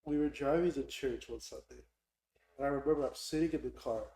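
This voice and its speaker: A man's voice: medium pitch, a little fast. A young man hosting a podcast, chatting casually and telling a story, acting out the people in it. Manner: animated storyteller, mimics people loudly in quotes. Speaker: podcast host. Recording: echoey room.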